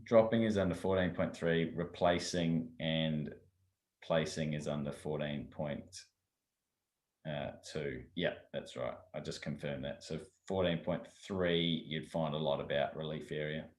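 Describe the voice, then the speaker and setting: A man's voice: extremely low pitch, fairly even intonation, measured pace. A man co-hosting a golf podcast in casual chat, hesitant and correcting himself as he answers. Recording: echoey room sound.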